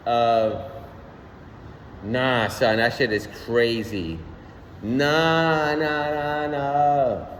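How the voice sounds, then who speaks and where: A young man ranting casually on his own channel, animated and slangy, swearing often and repeating "son". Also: mid-range voice, drawn-out words, long pauses, in a large hall, a little hiss or hum. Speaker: vlogger. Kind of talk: casual rant.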